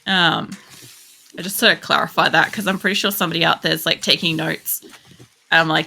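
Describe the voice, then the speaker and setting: An Australian woman streams a game from her home computer setup, chatting casually and ramblingly while she plays and swearing freely. Her voice sits low, with a steady, sharp, creaky tone at a normal pace.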